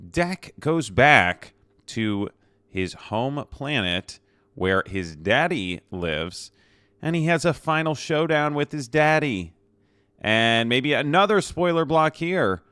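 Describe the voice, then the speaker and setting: Chatty man with a bright, clear voice. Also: fairly low pitch, no room sound. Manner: rambling, chatty, many fillers and restarts, tags lines with "okay?". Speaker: movie reviewer. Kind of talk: casual spoiler-filled movie review.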